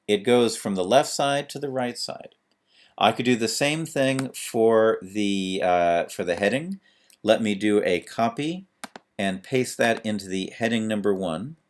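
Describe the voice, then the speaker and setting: A man's voice: on the low side, measured pace. A man teaching a screencast lesson on web pages, talking through each step as he types, with fillers. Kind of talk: screencast tutorial.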